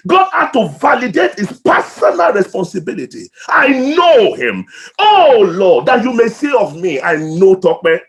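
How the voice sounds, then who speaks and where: Man, pastor preaching, very high voice, wildly swooping pitch, shouts then hushed, emotional. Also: sing-song, a little slow. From Nigeria. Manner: impassioned preaching with sudden shouts and hushed drops. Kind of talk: sermon.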